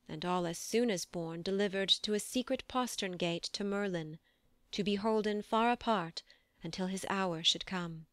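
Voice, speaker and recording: A woman narrating an audiobook of classic verse, reading in a measured, steady manner into a close studio microphone. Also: mid-range voice, no room sound. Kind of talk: scripted poetry narration.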